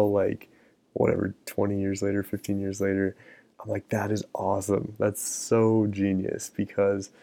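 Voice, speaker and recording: A man's voice: lowish voice, gravelly. A middle-aged man hosting a solo podcast, talking casually with many ums and you-knows. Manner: relaxed, many fillers like um and you know. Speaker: podcast host.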